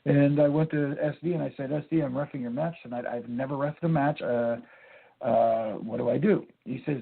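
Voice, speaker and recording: Gravelly man on a phone line. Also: mid-range voice, moderate pace. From Canada. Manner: rambling storyteller, many fillers and restarts. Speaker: former wrestling referee, interview guest. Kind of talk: casual phone interview.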